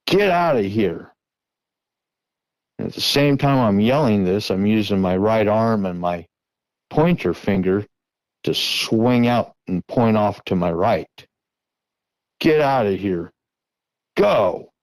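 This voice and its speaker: A middle-aged man earnestly retelling a tense encounter in the first person, now and then shouting out the calls he made. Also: fairly low pitch, no echo, rough recording. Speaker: guest recounting an encounter.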